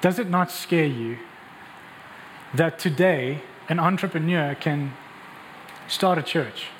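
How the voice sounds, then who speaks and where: A man's voice: a little high, takes it slowly, slight background noise. A man preaching a sermon with passion, asking rhetorical questions and restarting phrases as he builds his points. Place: large church hall. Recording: long hall reverb, faint ambience.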